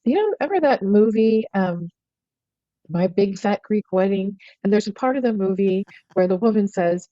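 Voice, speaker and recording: A middle-aged woman telling a story as a podcast guest, earnest and animated, often restarting her sentences. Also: medium pitch, moderate pace, no echo. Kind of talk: storytelling in conversation. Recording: dull, lo-fi and dry.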